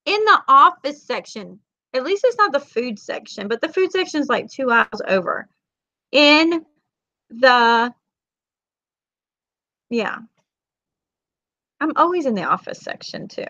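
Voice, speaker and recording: Mama rambling on her livestream, kinda high voice, dry dull webcam mic. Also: unhurried, pauses often, no echo. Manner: chatty, rambling, animated storytelling with Southern colloquialisms. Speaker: livestream vlogger and mom. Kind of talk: casual livestream chat reading viewer comments.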